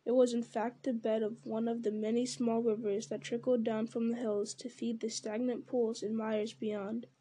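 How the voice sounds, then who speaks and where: Mellow-voiced woman reading a story aloud. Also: fairly high pitch, little pitch movement, normal speed, few pauses. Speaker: audiobook reader. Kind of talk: storybook narration.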